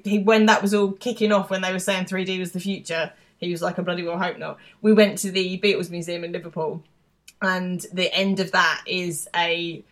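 A woman with a somewhat low voice tells stories in relaxed podcast chat. She talks in a chatty, easygoing way as she retells scenes. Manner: chatty storytelling, quick to laugh. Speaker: podcast co-host. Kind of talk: casual recap chat.

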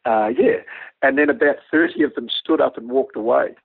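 An Australian man, a former Army pilot, telling stories in an interview, relaxed and self-deprecating, laughing as he goes. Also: mid-range voice, brisk, vocal fry, breathy edge. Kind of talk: anecdotal interview storytelling. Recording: dry, phone-like lo-fi line.

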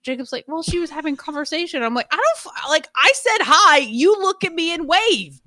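Blunt sweary woman on a stream, high bright voice, dry close mic. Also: lively intonation, a little fast, no room sound. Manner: blunt and brash, swears freely, mimics people. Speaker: streamer co-host. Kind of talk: casual chat.

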